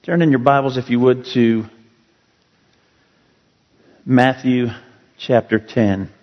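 A man's voice: medium pitch, fairly even intonation, slow pace. Man, pastor, earnest sermon, story-driven emphasis, long church reverb, dull lo-fi sound. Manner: earnest, storytelling, rising emphasis on key words. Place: church sanctuary.

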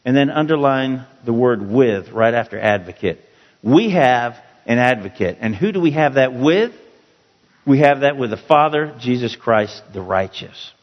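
A man teaching a Bible passage as a pastor, slow and emphatic, repeating key words for his listeners. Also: mid-range voice, lively intonation. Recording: dull, roomy hall sound.

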